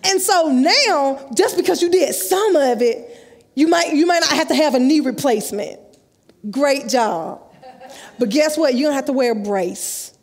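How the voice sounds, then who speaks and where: A woman, telling a lively story in a sermon at a youth conference and acting out the dialogue. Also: high voice, a little slow. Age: 30s. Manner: lively, acts out dialogue, laughs often. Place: large church sanctuary, live. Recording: live church hall with long echo.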